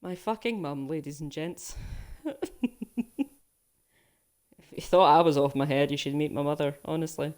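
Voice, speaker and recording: A woman's voice: deep voice, steady tone, normal speed, long pauses, darkish tone. A young woman streaming a game, chatting casually, laughing often and swearing freely. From United Kingdom. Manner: laughs a lot, swears freely, rambling banter. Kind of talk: casual let's play commentary.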